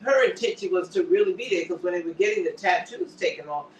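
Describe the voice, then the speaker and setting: A man co-hosting a casual TV recap chat, retelling the scenes in an animated, dramatic way. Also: high voice, fast, slight background noise. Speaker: co-host. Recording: roomy sound from a distant mic.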